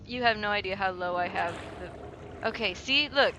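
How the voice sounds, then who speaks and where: Her voice is medium-pitched, bright and forceful at a normal speed, though the audio quality is poor. The young gameplay commentator is frightened while playing a horror game, jumping and crying out between fits of nervous laughter, and she bumps her desk mic around over faint background noise.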